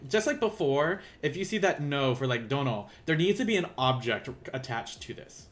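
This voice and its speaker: Animated and a bit high-pitched, a Southern-accented language teacher talks at a moderate pace during a casual live-streamed lesson. He rambles, pokes fun at himself and thinks out loud while a keyboard clicks in the background.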